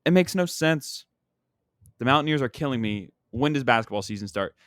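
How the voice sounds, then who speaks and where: A man's voice: mid-range voice, expressive, brisk, a bit bright, no echo, studio quality. A young man, a comedian hosting his own podcast, chatting casually and venting in a rambling, exasperated way as a sports fan. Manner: rambling, exasperated sports-fan venting with frequent "you know what I mean". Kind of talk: casual solo podcast chat.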